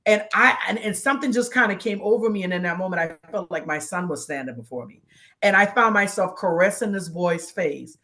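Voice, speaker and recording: A woman's voice: medium pitch, brisk, pushed and bright. Woman telling a heartfelt story on a live show, emotional, acts out what people said to her. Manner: heartfelt, tearful storytelling with many quoted exchanges. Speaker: guest co-host. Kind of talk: casual chat, emotional personal story.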